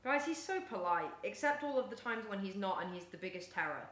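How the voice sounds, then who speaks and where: A young woman live-streaming while she bakes at home, chatting casually and often cooing at her cat in a high sing-song voice. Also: lively intonation, fairly quick, a bit bright. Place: home kitchen. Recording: echoey kitchen room sound.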